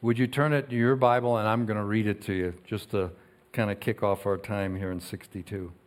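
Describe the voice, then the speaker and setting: A man preaching a sermon as pastor. He talks earnestly, swings between loud emphasis and quiet asides, and reads scripture slowly. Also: fairly low pitch, fairly even intonation.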